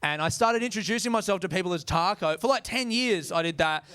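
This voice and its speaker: A man's voice: high voice, a little fast, sharp tone, smooth. An Australian man performing stand-up comedy, casual and self-mocking, with frequent swearing.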